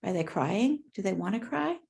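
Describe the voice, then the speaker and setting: Middle-aged woman presenter, gentle and conversational, mid-range voice, speaking to caregivers at a workshop. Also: mid-range voice, very animated, moderate pace, creaky, slight background noise. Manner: gentle, conversational, with fillers and restarts. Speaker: workshop presenter on grief care.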